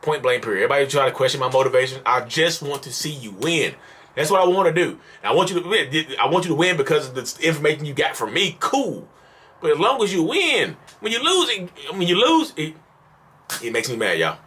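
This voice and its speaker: A man's voice: fairly high pitch, big pitch swings, brisk, sharp tone, breathy edge. A man ranting in an exasperated, repetitive, pleading way at his viewers in a vlog monologue, calling them y'all. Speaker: mental health vlogger.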